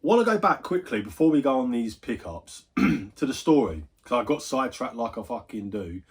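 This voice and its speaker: A man's voice: medium pitch, sing-song, moderate pace, husky. A man chatting casually, swearing freely and wandering into asides as he tells a story on his gaming vlog. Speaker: gaming YouTuber.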